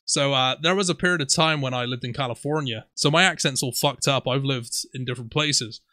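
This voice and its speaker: Bright-voiced Somerset man in his twenties. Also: medium pitch, fairly quick, no echo, clean studio sound. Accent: Somerset West Country. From Somerset, England. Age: 20s. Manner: animated storyteller, swears freely, laughs often. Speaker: podcast co-host. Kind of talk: casual chat.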